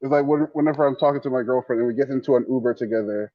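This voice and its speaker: A man's voice: mid-range voice, rapid-fire, no echo. A man with a light Jamaican accent talks animatedly and swears casually. His voice sits mid-range. The audio is muffled and dull, with a dry sound. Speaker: guest. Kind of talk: casual chat.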